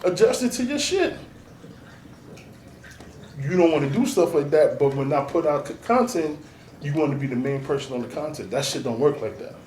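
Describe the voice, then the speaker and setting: Blunt, streetwise man, slightly high voice, slightly off-mic in a roomy space. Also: expressive, moderate pace, long pauses, a little mellow. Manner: blunt, streetwise, profane, emphatic. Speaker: artist and DJ manager, guest. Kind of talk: casual interview talk. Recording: roomy, noisy, mic at a distance.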